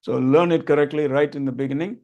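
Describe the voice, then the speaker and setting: A man's voice: fairly high pitch, fairly even intonation, quick pace, warm tone, muffled recording. An older man, teaching a group how to chant and repeating his key points earnestly. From Tamil Nadu, India. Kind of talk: explaining a lesson to a group.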